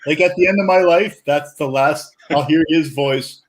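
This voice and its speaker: A man's voice: on the high side, normal speed. A man hosting a casual chat, rambling and searching for his words.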